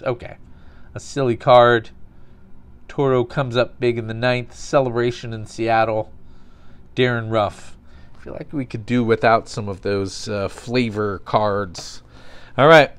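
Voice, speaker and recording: A man's voice: medium pitch, fairly even intonation, a little slow. A man casually narrating a card opening, calling out cards and telling dry, absurd little stories between pulls.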